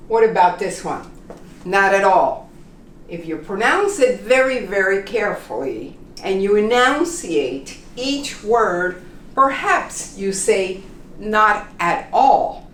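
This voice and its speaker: A woman teaching pronunciation, repeating example phrases slowly and checking in with "okay?". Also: medium pitch, very animated, echoey room, far from the mic, a little hiss or hum. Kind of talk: slow, deliberate classroom instruction.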